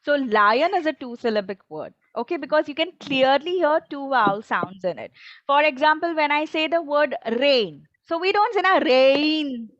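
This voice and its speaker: A woman's voice: high voice, lively intonation, normal speed, fairly bright tone, dull audio, slight background noise. A woman training teachers on a video call, patient and encouraging, often checking that everyone follows.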